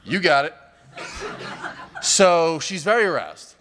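A man's voice: on the high side, very animated, slow, fairly bright tone. A man doing stand-up comedy, telling a long story in a rambling, wry way with many fillers.

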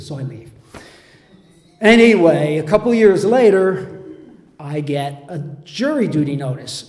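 A man's voice: a little high, a little mellow. Rambling middle-aged man in a reverberant hall. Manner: rambling, chuckling, self-mocking. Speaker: storyteller. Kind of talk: live personal storytelling. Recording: echoey hall with long reverb.

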